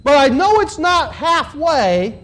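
A preacher giving a live sermon to a congregation of about fifty, dropping to quiet, low questions and then rising to loud, shouted emphasis, drawing out key words. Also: very animated, slow. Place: church hall with about fifty listeners.

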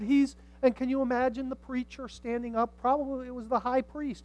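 An older man preaching a sermon, swinging from hushed tones to shouts and acting out the people in his stories. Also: very high voice, flat delivery, a little fast, few pauses, poor audio. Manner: dramatic, swings from hushed to shouting, acts out voices.

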